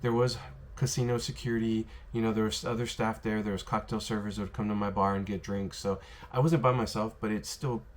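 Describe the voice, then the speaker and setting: A man with a fairly low voice tells stories straight to the camera in an easy, conversational way. He rambles, circles back, and leans on "um" and "you know" as he goes. The delivery is relaxed and unscripted. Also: brisk. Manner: rambling, filler-heavy, lots of "you know" and "um". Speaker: former bartender telling stories. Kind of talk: casual storytelling to camera. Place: worked in Las Vegas.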